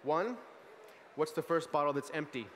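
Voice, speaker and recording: A man's voice: a little high, moderate pace, slight background noise. Chatty American man in a reverberant hall. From United States. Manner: animated, chatty, lots of fillers and asides. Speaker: sommelier giving a wine tasting talk. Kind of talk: lively tasting presentation. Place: large hall at a food market event.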